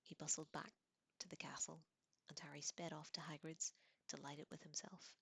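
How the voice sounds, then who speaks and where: Woman reading in a low whisper, whispered role-play. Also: flat delivery, creaky, slightly rough, no echo. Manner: soft unvoiced whisper, slow and gentle. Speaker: audiobook reader.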